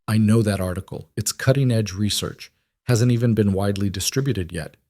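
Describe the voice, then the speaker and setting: A man's voice: lowish voice, fairly quick, mellow, no room sound, clean studio sound, lightly acted. A man doing a stern male doctor. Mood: probing. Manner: authoritative, probing questions.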